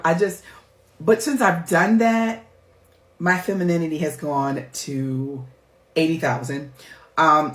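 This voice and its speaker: A woman's voice: lowish voice, a bit bright. A middle-aged woman, a life coach, talking candidly to her viewers in a heartfelt, emphatic, chatty way. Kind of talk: candid personal vlog talk. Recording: roomy echo.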